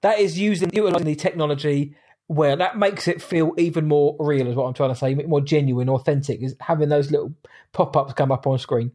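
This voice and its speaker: A man's voice: fairly high pitch, steady tone, fairly quick, dark tone. A man co-hosting a podcast, chatting casually about a film in a jokey, rambling way, often correcting himself mid-sentence. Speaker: podcast co-host. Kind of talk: casual film review chat.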